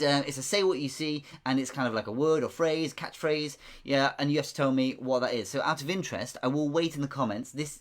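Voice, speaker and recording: A man hosting a live online pub quiz, chatty and rambling, repeating himself and chuckling often. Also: medium pitch. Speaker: quiz host.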